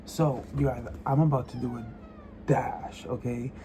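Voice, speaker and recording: A man's voice: medium pitch, steady tone, measured pace, noisy background. A man chatting casually in a reading vlog, emphatic and repetitive, often laughing and sometimes dropping to a whisper. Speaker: book vlogger.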